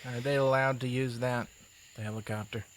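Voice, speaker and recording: A man's voice: mid-range voice, little pitch movement, brisk, a little hiss or hum. Man asking short questions on a podcast. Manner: brief questions and short backchannels.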